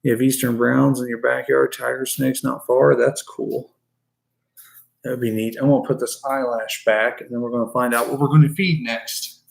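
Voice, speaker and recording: Gravelly man chatting on a stream. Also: mid-range voice, little pitch movement, moderate pace. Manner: chatty, talks to the animals and chat. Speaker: reptile keeper and streamer. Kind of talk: casual live-stream chat.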